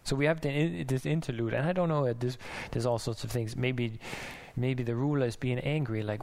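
Gravelly-voiced man preaching casually. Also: mid-range voice, brisk, few pauses, darkish tone. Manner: conversational, musing, with restarts and small laughs. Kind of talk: sermon. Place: church in Denmark.

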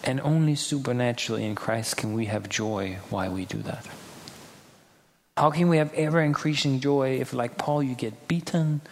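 A man's voice: mid-range voice, moderate pace, a little hiss or hum. A man preaching a sermon earnestly, acting out quoted people now and then, in a church hall. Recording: hall reverb with faint ambience.

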